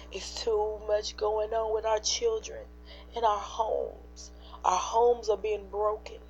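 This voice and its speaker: Her mid-range voice is mellow as she hosts a livestream, teary-eyed and earnest, encouraging those watching. She talks directly to chat in a preachy, emotional tone, and the audio is dull, lo-fi, with a faint hum.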